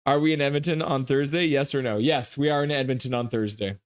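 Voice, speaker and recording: A man's voice: medium pitch, steady tone, quick pace, clear, resonant tone, no room sound, studio quality. A man streaming a live hockey game reaction, reading chat messages aloud and teasing viewers in a playful, jokey way.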